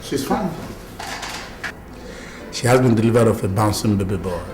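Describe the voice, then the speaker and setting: A man with a Nigerian accent, playing a calm, reassuring doctor in a film drama. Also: lowish voice, moderate pace, natural voice. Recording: echoey room with music behind.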